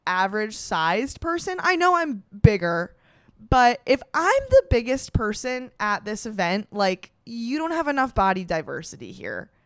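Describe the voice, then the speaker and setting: Young woman, podcast host, brash self-mocking comic storytelling, smooth clear voice, dry close sound. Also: normal speed, dry recording. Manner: animated, jumps up in pitch for quoted voices.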